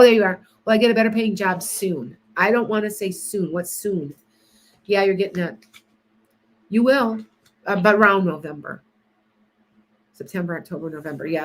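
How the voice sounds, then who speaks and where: A woman's voice: mid-range voice, moderate pace, pauses often. A woman hosting a casual psychic livestream, chatting with viewers by name and often restarting her sentences.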